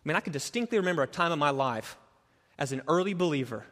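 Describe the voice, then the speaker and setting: A man preaching a sermon, moving from quiet earnest teaching to loud rhetorical questions. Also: on the high side, animated, fast. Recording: long hall reverb.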